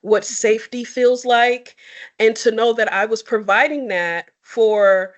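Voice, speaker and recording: A young adult woman sharing personal stories in a candid, expressive and sometimes tearful conversation. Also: on the high side, measured pace. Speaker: podcast co-host. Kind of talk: emotional heartfelt conversation.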